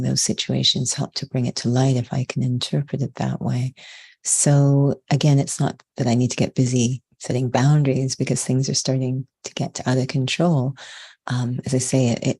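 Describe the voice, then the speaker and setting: A woman from Canada, a meditation teacher giving a slow, measured spiritual talk. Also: rumbling low, creaky, breathy edge. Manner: calm, measured, unhurried.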